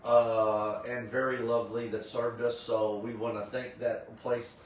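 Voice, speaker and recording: A man's voice: medium pitch, flat delivery, a little slow, heavy reverb, far from the mic, slight background noise. A tired man hosting a casual chat, rambling with many fillers and restarts. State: tired, yawning. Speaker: host of a convention recap stream.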